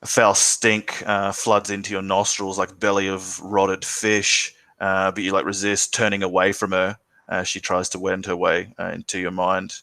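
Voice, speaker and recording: Low, flat-voiced game master narrating. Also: male voice, moderate pace, no echo. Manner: descriptive narration with frequent filler words.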